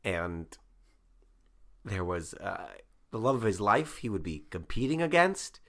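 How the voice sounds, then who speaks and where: A man co-hosting a comedy podcast, improvising a story aloud with halting restarts and fillers. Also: on the low side, very animated.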